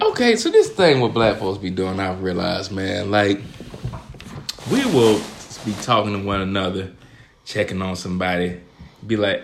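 A man's voice: low voice, moderate pace, creaky, slight background noise. A man, a podcast co-host telling funny stories, acting out quotes and laughing often. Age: adult, parent of nearly ten-year-old. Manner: animated storyteller, acts out quotes, laughs often. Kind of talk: casual chat, storytelling.

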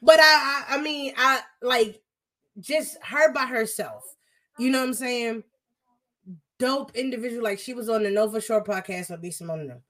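A woman's voice: fairly high pitch, moderate pace. A young woman talking in casual podcast chat, blunt, profane and emphatic.

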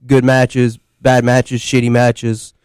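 A man's voice: medium pitch, monotone, takes it slowly, a little mellow, clear, resonant tone, dry recording. A male podcast host asks questions in an ordinary mid-range voice. He restarts and rambles through his phrasing. The recording is dry and close. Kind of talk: casual interview questions.

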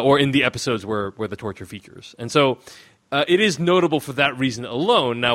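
His mid-range voice is a bit bright as he hosts a podcast in casual conversation. The man rambles a lot, restarting sentences and filling them with fillers.

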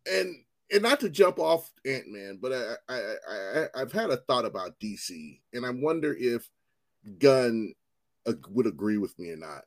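A man co-hosting a podcast in casual chat, animated and profane, rambling with restarts. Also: mid-range voice, normal speed. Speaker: podcast co-host.

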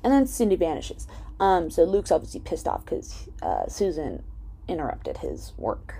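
This TV episode reviewer has a fairly low, mellow, husky voice whose pitch swoops wildly, though her speed stays normal. She recaps the episode casually and chattily, peppering it with "um" and "like" and cursing freely.

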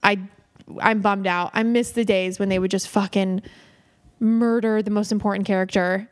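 A woman co-hosting a podcast in casual chat, animated, laughing often and swearing freely, a bit hungover. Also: medium pitch, normal speed. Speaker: podcast co-host.

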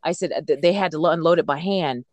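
A truck driver from the United States telling stories in a casual podcast chat, blunt and animated, swearing freely and repeating words when worked up. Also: mid-range voice, fast talker, no echo.

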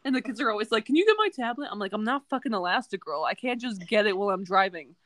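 A woman's voice: medium pitch, fast talker, fairly bright tone, dry recording. A young woman co-hosting a casual chat, frank and swearing casually as she tells stories. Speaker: podcast co-host.

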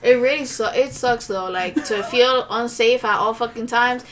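A young woman on a podcast, telling stories in casual chat, swearing freely and animated. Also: a little high, moderate pace. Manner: profane, animated storytelling. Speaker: podcast host.

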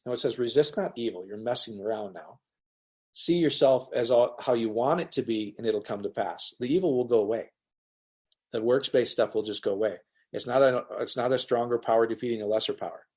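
Medium in pitch and breathy at the edges, this man's voice guides a casual online Bible study. As the pastor reads, he talks loosely and animatedly, giving each quoted figure their own voice.

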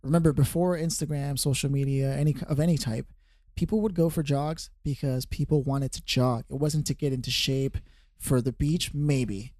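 A man's voice: medium pitch, fairly even intonation, normal speed, a little mellow, dry recording, studio quality. A man co-hosting a podcast, musing and philosophizing in a loose, filler-heavy way. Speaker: podcast co-host. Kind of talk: casual podcast chat.

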